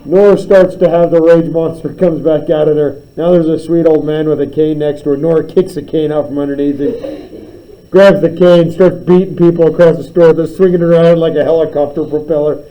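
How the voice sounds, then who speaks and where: A man's voice: on the high side, steady tone, fairly quick, warm tone, low-quality recording. A man teaching a math class, spinning playful, teasing story problems about his students.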